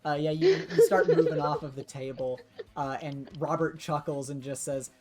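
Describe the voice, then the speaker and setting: Low-voiced woman game master. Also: normal speed, soft background music. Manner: filler-heavy, relaxed narration. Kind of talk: narrating a tabletop game.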